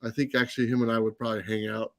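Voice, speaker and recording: Rapid-fire and flat, the man's medium-pitched voice has a fairly bright tone in this dry recording from a live stream mic. The comics channel host is telling a long anecdote in casual chat, restarting often and leaning on fillers.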